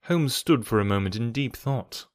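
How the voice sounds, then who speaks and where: A man narrates a classic detective tale in a steady, even reading voice. His pitch sits in the middle, and the recording is dry and close with no room sound. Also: moderate pace, no room sound. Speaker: audiobook narrator. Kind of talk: storybook narration.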